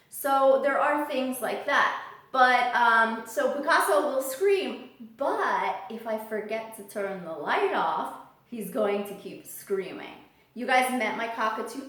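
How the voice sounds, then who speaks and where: A woman giving casual parrot-care tips in a vlog, chatty and animated, now and then squealing high to mimic her birds. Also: recorded from a distance. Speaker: parrot vlogger. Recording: roomy echo, voice from off the mic.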